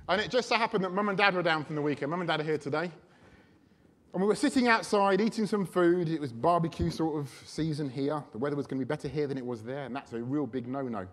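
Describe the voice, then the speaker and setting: A man preaching a sermon, telling a personal story in a chatty, animated way. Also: fairly high pitch.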